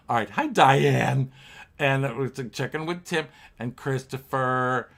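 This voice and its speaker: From his home apartment, a man runs a livestream piano bar, singing show tunes and chatting playfully with viewers while reading their comments aloud. His mid-range voice is unhurried with a fairly bright tone.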